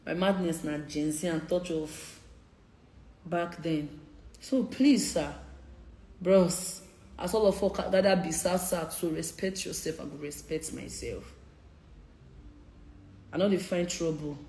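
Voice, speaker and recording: A woman's voice: fairly low pitch, unhurried, pauses often, warm tone, echoey room, slight background noise. A young woman in her twenties with a Nigerian Pidgin English accent, confronting critics in a heated, repetitive live-stream rant. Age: 20s. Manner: confrontational, repeats her points. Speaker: social media personality.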